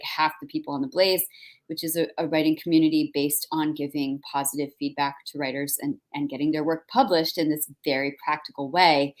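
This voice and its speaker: A woman in her forties from New Jersey, an author telling animated, self-deprecating stories in casual conversation. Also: deep voice. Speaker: author guest.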